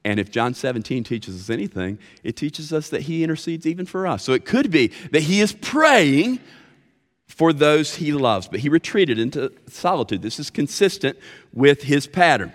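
A man preaching a sermon as pastor, expressive and emphatic, with deliberate pauses. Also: fairly high pitch. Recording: reverberant hall sound.

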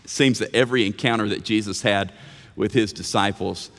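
A man preaching a sermon as pastor, animated, swinging from emphatic lines to hushed ones. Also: lowish voice, fairly quick, long reverb tail. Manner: animated preaching with sudden drops to a hush. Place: church sanctuary.

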